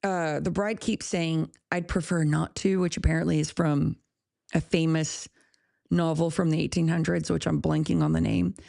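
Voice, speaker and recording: Podcast host, woman, low gravelly voice, blunt and profane, dry close sound. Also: fairly even intonation, moderate pace, warm tone, dry recording. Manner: blunt, profane, laughs at her own jokes. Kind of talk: casual ranting monologue.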